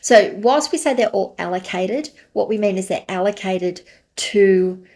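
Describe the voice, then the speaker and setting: A woman's voice: medium pitch, a little slow, darkish tone. A woman hosting a solo podcast, explaining technical terms in a conversational way with everyday analogies. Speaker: podcast host.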